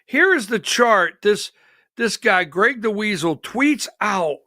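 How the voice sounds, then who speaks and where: Hosting live political commentary, a man grows agitated and exasperated, breaking off to call out instructions to his producer. He speaks slowly in a high, sharp voice with lively intonation, recorded in clean studio sound with no room tone.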